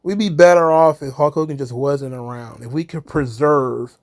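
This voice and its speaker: A man's voice: on the high side, moderate pace, darkish tone. A man hosting a commentary channel, talking casually in a sarcastic, profane way and laughing at his own jokes.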